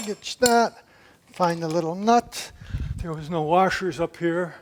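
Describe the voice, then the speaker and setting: A DIY video maker, a man with a fairly high voice, works slowly through a hands-on repair in his home gym. He's chatty and talks to himself as he goes, with background noise in the recording.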